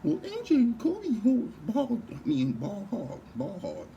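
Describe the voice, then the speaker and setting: Mocking impression: a shrill, whiny, nasal male fan. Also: huge pitch swings, measured pace, gravelly, warm tone, lo-fi sound, a little hiss or hum, heavily acted. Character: whiny high-voiced male basketball fan, mocked.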